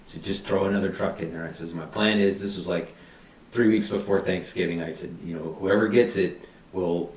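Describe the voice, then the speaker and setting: A middle-aged man, a fire battalion chief, telling animated anecdotes and acting out quotes in a casual interview. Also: sits low. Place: podcast studio. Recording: roomy, somewhat distant mic.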